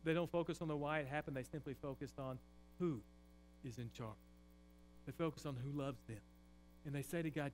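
A man preaching a sermon in a church, his voice sitting a little high. He swings between loud, raised passages and quiet, intense ones. A faint mains hum runs beneath the recording. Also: brisk, pauses often. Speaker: pastor. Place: church sanctuary.

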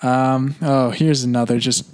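Male co-host, casual movie chat, agreeable interjections, average pitch. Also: steady tone, darkish tone, smooth. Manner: chatty, quick agreeing interjections, gives verdicts. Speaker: podcast co-host.

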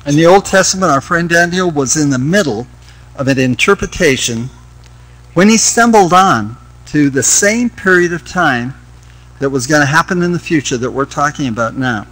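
A man's voice: on the high side, animated, normal speed, a bit bright, low-quality recording. A man teaching a Bible study, reading verses aloud and repeating key phrases as he explains them.

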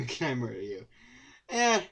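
A young man streams a game on a desk microphone, chatting casually in a mid-pitched voice. He swears, jokes and breaks into sudden loud outbursts. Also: huge pitch swings, measured pace, creaky. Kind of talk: casual gameplay commentary.

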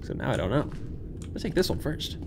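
A young man hosting a horror game playthrough, talking to viewers, jumpy and swinging from hushed muttering to yelps. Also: medium pitch, very animated, a little fast, gravelly, background noise. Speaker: gaming channel host. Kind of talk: horror game let's play commentary. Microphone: desk microphone.

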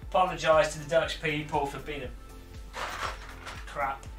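A man's voice: fairly high pitch, level tone, measured pace, over music. A man on a casual livestream, joking, swearing and mocking himself while setting up gear. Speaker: streamer.

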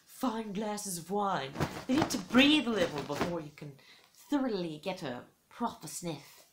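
A woman's voice: medium pitch, expressive, measured pace, background noise, lightly acted. A woman putting on a snooty wine connoisseur. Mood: mock-snooty. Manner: exaggerated posh accent, put on as a joke. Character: snooty wine connoisseur, adult, mock-refined.

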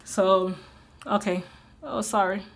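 A woman's voice: mid-range voice, fairly even intonation, slow pace, vocal fry. A woman from Puerto Rico with a Puerto Rican accent, chatting casually to her viewers in an emphatic way and slipping into Spanish. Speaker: vlogger answering viewers. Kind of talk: casual chat.

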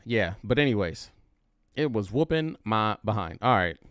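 A man hosting a casual reaction livestream, laughing and chatting with his viewers in an animated way. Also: lowish voice, a little slow, clean tone, no echo, clean studio sound. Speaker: reaction video host.

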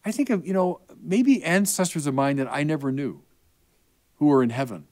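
A man's voice: a little high, moderate pace. A man with a Chicago accent, a bishop explaining faith to children in an emphatic, conversational way. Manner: animated and emphatic, with rising bursts. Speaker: bishop answering children's questions.

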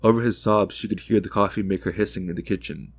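Low, measured male narrator for a sleep audiobook, calm reading, dry close studio sound. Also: dry recording.

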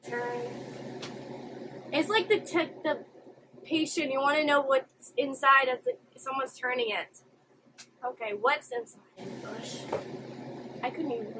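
High-voiced woman reacting to anime. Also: measured pace, pauses often, background noise. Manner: expressive, exclaiming and gasping at the screen. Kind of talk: live reaction commentary.

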